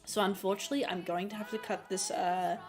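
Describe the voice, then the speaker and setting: A woman's voice: mid-range voice, fairly even intonation, fast talker, soft background music. Chatty woman, coughing. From Australia. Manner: chatty, giggly, repeats phrases. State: under the weather, coughing. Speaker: streamer and artist. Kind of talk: casual livestream chat explaining digital painting.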